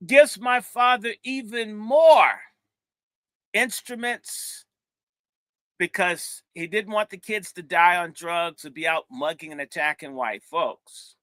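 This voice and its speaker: A high, strikingly bright male voice, recorded close and dry. He's a middle-aged minister telling a funny, lively story and playing it up for laughs. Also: takes it slowly, no echo. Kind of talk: animated storytelling talk.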